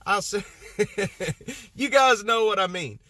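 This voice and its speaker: A man streaming live, talking loosely to his chat in a somewhat high voice. He rambles from one thought to the next, trips over words and laughs at his own slips. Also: lively intonation, takes it slowly, bright, forceful tone, dry recording. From Texas. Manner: rambling, self-mocking, talks to chat. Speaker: livestreamer.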